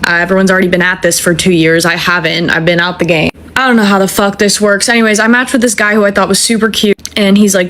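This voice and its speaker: A young woman in her twenties recounting a dating disaster in casual storytelling. She talks in an animated, swearing, self-mocking way, with a mid-range voice. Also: medium pitch, quick pace, hardly any pauses. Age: 20s.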